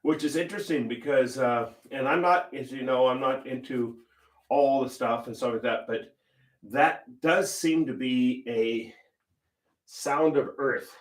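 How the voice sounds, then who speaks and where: A man's voice: medium pitch, a little slow, distant mic. An older man hosting a painting livestream, telling stories in casual chat and laughing often. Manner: chatty storyteller, laughs often. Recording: roomy echo.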